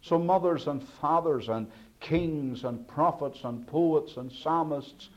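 A man preaching a sermon, rising to emphatic peaks and then dropping to hushed, low endings. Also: takes it slowly. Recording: dull lo-fi sermon recording.

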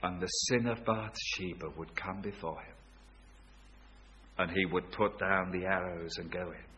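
A man preaching a sermon, swinging from hushed, quiet lines to loud, ringing ones. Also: sits low, fairly even intonation, measured pace. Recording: dull lo-fi recording.

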